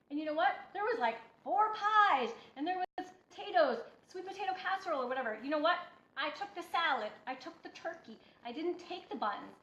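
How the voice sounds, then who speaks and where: A healthy-eating coach gives a blunt, preachy motivational talk to camera. Her voice sits high and is a bit bright, and the dull lo-fi recording comes from an echoey room.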